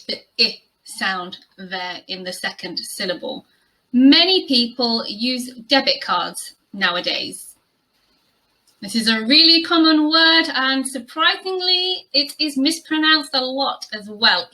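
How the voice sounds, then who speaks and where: A woman with a British English accent teaching pronunciation, saying each word slowly and carefully and repeating it. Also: high voice, sharp tone, rough recording. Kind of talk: pronunciation lesson.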